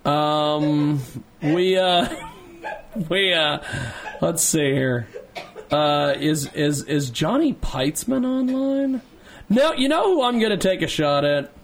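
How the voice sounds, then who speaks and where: A man hosting a podcast in rambling, halting casual chat. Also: on the high side, lively intonation. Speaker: podcast host.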